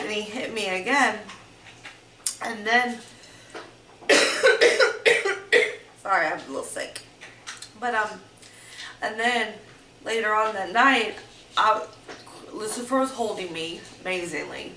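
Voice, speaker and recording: A woman's voice: mid-range voice, unhurried, long pauses, sharp tone. A woman telling personal stories in a vlog, rambling and meandering, often restarting her sentences. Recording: roomy echo, mic at a distance, faint background noise.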